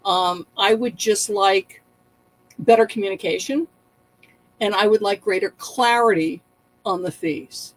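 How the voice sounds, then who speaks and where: A woman hosting an online reselling vlog. She talks to the camera in a casual, animated way, with laughing and exaggerated asides. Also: medium pitch, breathy edge, rough recording. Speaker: online reselling channel host. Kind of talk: casual talking-head vlog.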